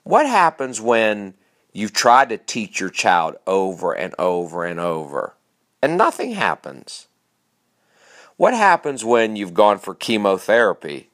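A middle-aged man delivers a motivational monologue in a lowish voice. His pitch swings widely as he drives home short, punchy phrases and repeats them. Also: a bit bright. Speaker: motivational speaker and show host.

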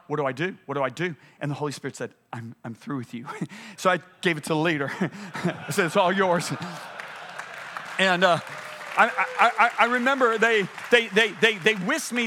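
A man's voice: high voice, bright, forceful tone. A man preaching a sermon, telling a story with dramatic voiced quotes and sudden bursts of energy. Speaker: guest preacher. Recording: played from a church stream.

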